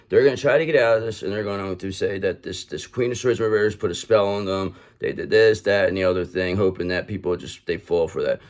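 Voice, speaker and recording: A man's voice: lowish voice, a little mellow. A man giving an online tarot reading in a blunt, streetwise style, swearing freely and talking straight to the listener. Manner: blunt, streetwise and profane, addresses the listener directly. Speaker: tarot reader.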